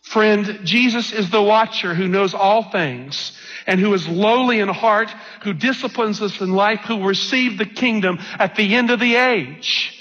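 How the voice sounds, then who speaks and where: A man preaching a sermon, reading scripture slowly and with emphasis. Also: high voice, a bit bright. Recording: dull lo-fi recording in a reverberant hall.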